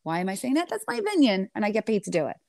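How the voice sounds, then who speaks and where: A woman reality TV star in an interview, telling her side of a clash in a sassy, animated way and calling the listener honey. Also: medium pitch, very fast, gravelly, no echo, clean studio sound. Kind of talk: candid storytelling interview.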